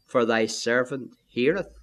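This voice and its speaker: A man's voice: mid-range voice, unhurried, pitched below the performer's own voice, lightly acted. A male preacher voicing the old priest Eli in a patient, fatherly tone within a sermon. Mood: gentle.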